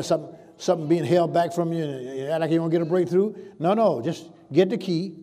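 A man delivers a sermon in a slightly raised voice. He talks his listeners through scripture in a loose, conversational way. Then he slows and swells loud on the key words. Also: a little high. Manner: preacherly, drawn-out emphasis on scripture with sudden loud swells. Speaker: pastor.

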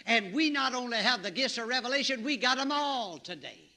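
A middle-aged man preaching a sermon, his voice pitched very high and ringing bright. He tells the story in an animated way and breaks into loud shouts and exclamations. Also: brisk.

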